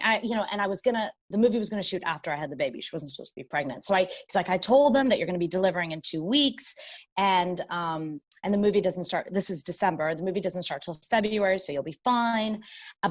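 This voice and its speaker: A woman in her thirties from Canada, a guest actor telling a story in a casual interview and acting out quotes with big jumps in pitch.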